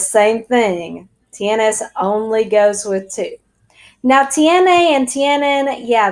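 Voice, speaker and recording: A woman teaching a recorded lesson in a brisk, direct way, with light jokes. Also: mid-range voice, a little mellow, rough recording. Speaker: Spanish teacher.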